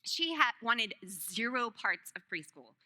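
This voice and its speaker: Woman preacher, bright lively delivery, self-mocking humor, conversational sermon. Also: a little high, unhurried. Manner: self-deprecating, joking, laughs often. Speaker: speaker at a church service. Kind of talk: sermon with personal stories.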